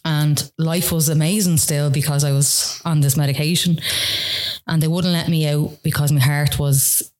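In a low-pitched, somewhat mellow voice, a woman speaks at a moderate pace with fairly steady intonation. As a guest in a podcast interview, she shares a difficult story from her life, tearful and sincere, stumbling through many fillers and restarts.

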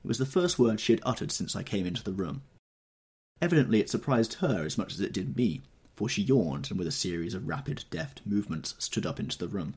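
A man narrating an audiobook in an expressive, measured storytelling manner. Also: on the low side, slightly rough.

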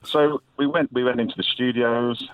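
A man's voice: medium pitch, steady tone, moderate pace, clean tone, no echo. An English man, middle-aged, telling a long rambling anecdote and acting out the people in it. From England. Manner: rambling storyteller, many "anyway"s and acted quotes. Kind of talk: casual anecdote. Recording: tinny phone line.

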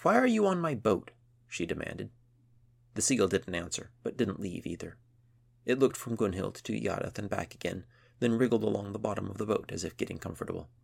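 Deep gravelly male storyteller. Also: fairly quick, a little mellow. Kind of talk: scripted narration.

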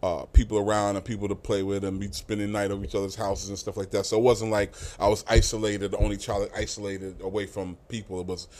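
A middle-aged man from New York settles in as the guest of an easygoing interview. His voice sits on the low side. He spins stories in loose, slangy talk and laughs often along the way. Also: flat delivery, fast talker, hardly any pauses, darkish tone. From New York, USA. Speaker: guest, music industry A&R. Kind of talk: casual storytelling interview.

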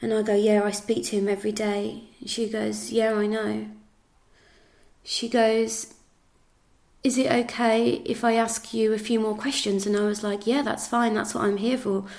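English woman recounting events, flat delivery. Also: fairly high pitch, moderate pace, creaky. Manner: recounts events with reported speech, many fillers. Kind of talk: first-person recollection.

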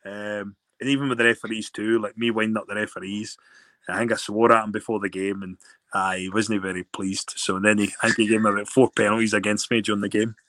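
Bright-voiced rambling Scottish man. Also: on the low side, level tone, quick pace, dry recording. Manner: rambling storyteller with many restarts. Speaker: guest rugby player. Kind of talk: casual interview chat.

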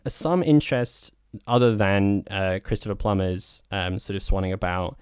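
Guy, lowish voice, casual opinionated film podcast chat, dry close sound. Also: animated, moderate pace, darkish tone, clean tone, dry recording. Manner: opinionated, talks in loose spoken asides. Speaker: podcast co-host.

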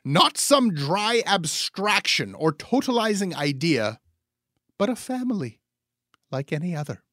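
A man's voice: sits high, big pitch swings, unhurried, fairly bright tone, no room sound, clean studio sound, pitched above the performer's own voice, heavily acted. A man putting on a grandiose monarchist orator. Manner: swelling theatrical recital.

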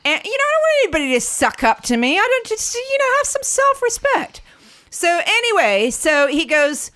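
A woman's voice: extremely high pitch, very animated, moderate pace, bright, forceful tone. An American woman co-hosting a casual podcast, telling an indignant story with lots of asides. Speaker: podcast co-host.

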